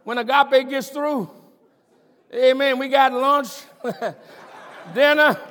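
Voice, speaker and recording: High-voiced older preacher, booming hall. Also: male voice, takes it slowly, pauses often, a faint crowd, a little hiss or hum. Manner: preacher's call-and-response, repeated "am I right about it"; stammers and repeats words, bursts into shouts and laughter. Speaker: pastor. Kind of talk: sermon. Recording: long hall reverb.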